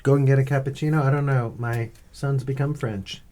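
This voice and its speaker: A man's voice: medium pitch, fairly even intonation, a little fast, warm tone. A man in his fifties hosting a casual unboxing vlog as a father, patient and teasing, explaining things step by step.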